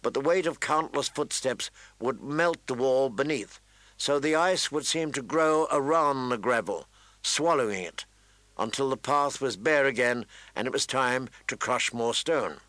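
A man reading a novel aloud in a measured, even storytelling manner. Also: medium pitch, no echo. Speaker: audiobook narrator. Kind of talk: scripted narration.

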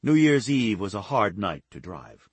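A man reading a novel aloud as an audiobook narrator, calm and even. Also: on the low side, unhurried, husky, no echo. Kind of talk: scripted narration.

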